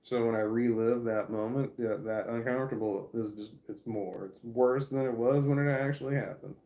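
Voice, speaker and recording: A man's voice: medium pitch, steady tone, normal speed, warm tone. Stammering man on a blunt live stream. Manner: stammers, with frequent repeated words and restarts; blunt and earnest, swears casually. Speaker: livestreamer reading viewer comments. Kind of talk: candid live-stream chat.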